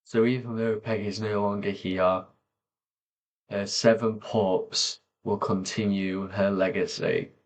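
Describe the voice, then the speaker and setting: A man talking slowly and softly to camera, pausing often as he reflects on personal memories. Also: on the low side, little pitch movement. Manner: slow, soft-spoken, pausing often. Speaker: vlogger.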